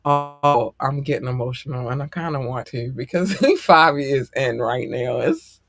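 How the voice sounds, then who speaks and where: Bright, excitable male podcast host. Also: medium pitch, normal speed, creaky, no room sound, faint music behind. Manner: excitable, slangy, heartfelt. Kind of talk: casual podcast chat.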